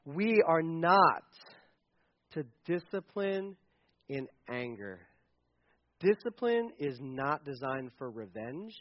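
High-voiced man preaching emphatically. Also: sing-song, takes it slowly, pauses often, dull audio. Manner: earnest, emphatic preaching with repeated phrases. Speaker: pastor. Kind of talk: sermon.

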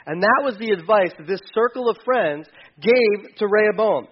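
A man preaching a sermon, animated and humorous, acting out scripture lines in his own voice. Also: high-pitched, moderate pace, slightly rough, dull audio. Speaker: pastor.

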